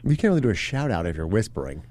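A man's voice: lowish voice, sing-song, racing, darkish tone. A man hosting a radio show, teasing callers and his co-host in casual banter. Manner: teasing, joking, sings along. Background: music.

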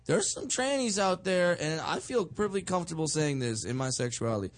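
A young man guesting on a casual talk show, joking and animated as he tells stories. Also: a little high, a little fast. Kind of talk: casual chat.

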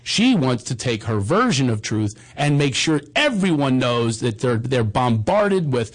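A man's voice: medium pitch, sing-song, unhurried, hardly any pauses. A middle-aged man hosting a comedy show, telling rambling, self-deprecating personal stories in a bombastic, casual way. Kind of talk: casual chat and personal storytelling.

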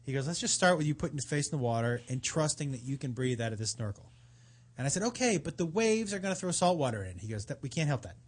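A man's voice: fairly high pitch, fast talker, slightly rough. Male storyteller, chatty co-host energy, swooping intonation, profane. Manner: animated, profane, acts out quotes. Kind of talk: casual storytelling chat.

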